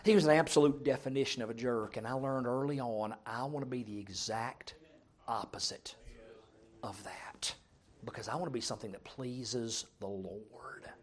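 A middle-aged preacher delivering a sermon to a men's prayer meeting. He tells humorous family stories in an earnest, folksy way, rising loud for emphasis and dropping soft for serious points. His voice sits in an ordinary male pitch. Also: normal speed. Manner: storytelling, humorous, swings between loud and soft.

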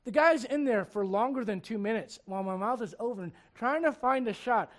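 A man preaching a sermon, acting out bits of dialogue with humor and laughter, swinging from loud punchlines to hushed, earnest points. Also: extremely high pitch, brisk. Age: adult. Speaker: pastor.

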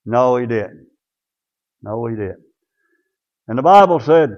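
A man preaching a folksy sermon, talking to his congregation by name and swinging from loud calls to low murmurs. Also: lively intonation, slow, pauses often, highs cut off.

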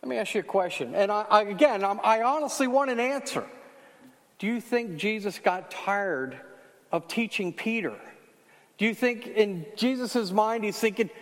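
A man's voice: high-pitched, lively intonation, moderate pace. A man preaching a sermon who questions the congregation directly and rises in force on the key points. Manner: asks the congregation questions, emphatic and rising on key lines. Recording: long hall reverb.

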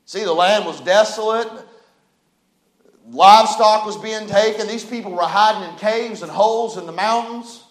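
High-voiced preacher in an echoey church. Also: male voice, normal speed. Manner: preaching with rhetorical questions, swinging from hushed to loud. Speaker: pastor. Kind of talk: sermon. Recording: echoey room.

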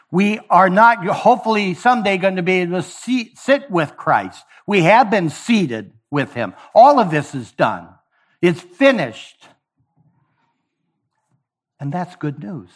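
A man preaching a sermon, emphatic, repeating key phrases and acting out little dialogues. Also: high-pitched.

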